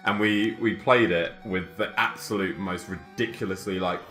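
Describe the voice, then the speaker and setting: A man's voice: sits low, steady tone, normal speed, fairly bright tone, roomy sound, soft background music. A man chatting casually during a game playthrough, telling a rambling story full of swearing. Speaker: let's play co-host. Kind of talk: casual gaming chat.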